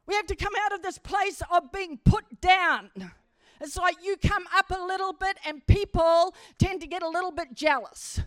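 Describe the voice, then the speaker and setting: High-voiced woman preaching animatedly. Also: moderate pace, no echo. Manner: animated storytelling, emphatic build-ups. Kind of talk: sermon. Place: church service.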